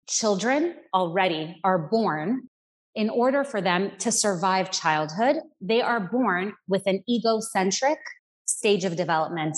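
A woman with a middle-pitched voice explains ideas as a podcast guest. She lays out her points steadily, now and then voicing a parent's words. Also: low-quality recording. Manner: explanatory, acts out parents' phrases. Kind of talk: casual podcast conversation.

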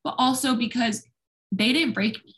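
A woman's voice: fairly high pitch, moderate pace, fairly bright tone. A young woman speaking openly and at length as an interview guest, talkative and self-deprecating. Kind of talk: candid personal conversation.

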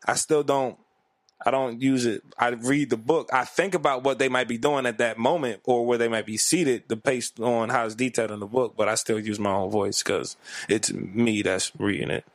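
A man's voice: mid-range voice, normal speed, dry recording. A man co-hosting a casual podcast chat. He swears freely and laughs often as he talks. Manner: relaxed, profane, laughs often. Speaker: podcast co-host. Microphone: podcast mic.

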